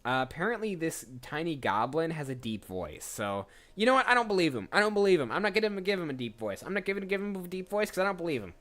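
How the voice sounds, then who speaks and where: A man's voice: fairly high pitch, very animated, fast, few pauses, a bit bright. A man streaming his voice acting work and chatting casually with viewers, self-deprecating. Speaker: voice actor streamer. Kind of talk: casual livestream chat.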